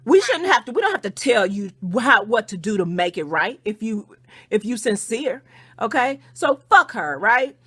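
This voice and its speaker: A woman's voice: fairly high pitch, sing-song, normal speed, a bit bright, breathy edge, no echo. A woman telling a story in a casual, profane rant over the phone and acting out what other people said. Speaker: podcast host. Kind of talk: casual venting on a phone call.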